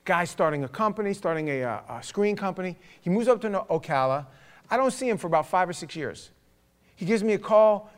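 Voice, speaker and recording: A middle-aged man with a New York accent preaching a conversational sermon, emphatic, moving between loud punch lines and quiet asides. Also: high-pitched, lively intonation, a little fast. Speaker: pastor.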